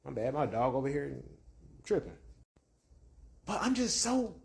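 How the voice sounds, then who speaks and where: A man's voice: fairly high pitch, sing-song, measured pace. A man talking casually to camera at home, hesitant and restarting as he searches for words. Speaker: social media commentator.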